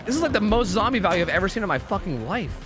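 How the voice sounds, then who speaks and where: A young man streaming gameplay, swearing a lot and swinging between shocked yells and low mumbled asides. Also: very animated, racing. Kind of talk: live gameplay commentary. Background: game music.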